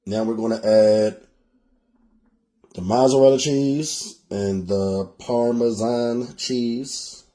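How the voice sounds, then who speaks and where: A man's voice: mid-range voice, steady tone, slow pace, mellow. A man with a Philadelphia accent hosting a cooking show, talking viewers through a recipe in a chatty, casual way and calling them "y'all.". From Philadelphia, USA.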